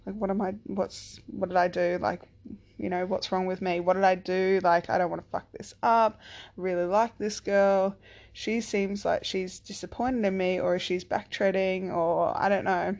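A woman's voice: medium pitch, steady tone, measured pace, gravelly, a little mellow. A woman in her thirties or forties, a single parent, telling a personal story in a casual, rambling way, with lots of "like" and "um" and some swearing. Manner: rambling, full of "like" and "um", swears freely.

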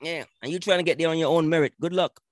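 High-voiced man riffing on scripture. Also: fairly even intonation, fast, no room sound, clean studio sound. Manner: playful, repeats lines for emphasis, laughs often. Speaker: podcast co-host. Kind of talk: casual faith talk.

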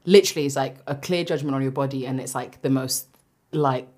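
A young woman co-hosting a podcast, telling an animated story in casual chat and swearing freely. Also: a bass voice, a little fast. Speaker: podcast co-host.

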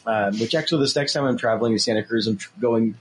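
A man co-hosting a podcast, talking in a relaxed, conversational way. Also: medium pitch, fast, a little hiss or hum, low-quality recording. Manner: relaxed and conversational, says "dude". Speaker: podcast co-host. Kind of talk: casual chat.

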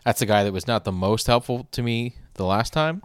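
A man's voice: mid-range voice, animated, brisk, clear, resonant tone, no echo, clean studio sound. A young man hosting a podcast, telling a rambling comedic story in an exasperated way with casual swearing. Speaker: podcast host.

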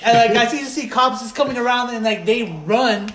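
A man's voice: very high voice, fairly even intonation, brisk, fairly bright tone, roomy sound, a little hiss or hum. A man telling a story in casual chat, swearing and laughing often. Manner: profane, laughing retelling.

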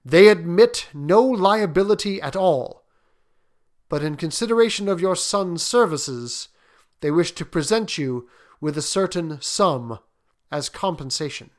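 A man's voice: high voice, expressive, pitched above the performer's own voice. Man voicing a grave, formal visitor. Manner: measured, formal, restrained. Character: uneasy formal male visitor, middle-aged.

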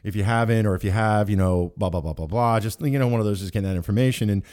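A fairly low-pitched man in his forties leads a loose, joking podcast chat. He rambles and restarts his sentences as he talks with guests on a call. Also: fast, a little mellow. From Kansas. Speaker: podcast host.

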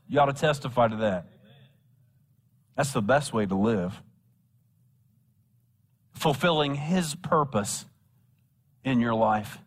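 A man's voice: medium pitch, slow, long pauses, slightly rough. A male pastor delivering a sermon, repeating key phrases for emphasis and reading scripture aloud to the congregation. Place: church sanctuary. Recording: church hall with long reverb.

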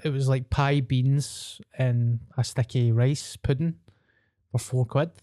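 A man's voice: mid-range voice, fairly even intonation, takes it slowly, dark tone, dry recording, studio quality. A young Glaswegian man in casual, sweary podcast banter. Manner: sweary, laid-back banter. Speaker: podcast co-host. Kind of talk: casual chat.

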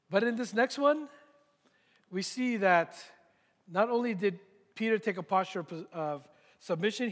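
A man preaching a sermon as a pastor, deliberate and emphatic, repeating key points with pauses. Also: high voice. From United States. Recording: long reverb from a large hall.

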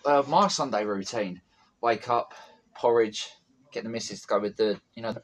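A man appearing as a guest on a podcast, chatting casually and telling halting anecdotes. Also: lowish voice, a bit bright. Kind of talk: casual chat.

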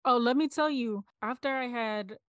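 A woman's voice: a little high, normal speed, fairly bright tone, dry recording. Earnest woman in a dry, close recording. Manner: earnest, retelling with quoted dialogue. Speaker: podcast co-host. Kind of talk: candid personal conversation.

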